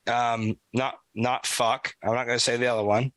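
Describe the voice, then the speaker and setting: A young man co-hosting a podcast, telling an animated, profane story in casual chat. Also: medium pitch, moderate pace, dry recording, low-quality recording. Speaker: podcast co-host.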